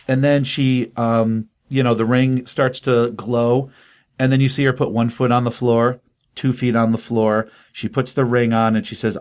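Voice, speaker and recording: Older male reviewer, casual and earnest, mid-pitched, rambling delivery. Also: normal speed. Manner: earnest, rambling with fillers, emotionally open. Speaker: comic book reviewer. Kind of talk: casual comic book review.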